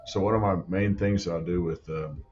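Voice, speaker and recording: A man's voice: low-pitched, fairly quick, highs cut off, a little hiss or hum. A man who coaches football strength and conditioning, telling training stories in a casual chat full of "like" and "you know". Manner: animated storytelling, many "like" and "you know" fillers. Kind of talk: casual podcast conversation.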